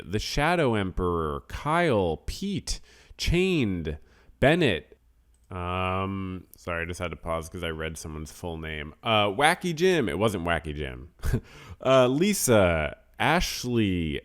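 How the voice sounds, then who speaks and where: A young man with a fairly low voice hosts a podcast in loose, casual talk. He rambles, laughs at himself and lets asides fade into quiet mutters. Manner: rambling and self-deprecating, trailing off to mutters. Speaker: podcast host. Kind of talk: casual podcast talk, reading names and news.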